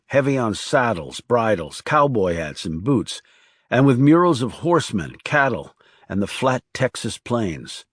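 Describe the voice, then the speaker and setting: A man reads a crime thriller audiobook with measured, even storytelling in a medium-pitched voice. It's scripted narration, recorded dry with clean studio sound.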